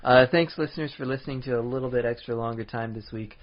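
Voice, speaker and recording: A man's voice: medium pitch, fast talker. A man co-hosting a podcast, talking casually and hesitantly with lots of fillers. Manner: hesitant, with frequent fillers and laughs. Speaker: podcast co-host. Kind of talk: casual chat. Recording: slightly dull lo-fi audio.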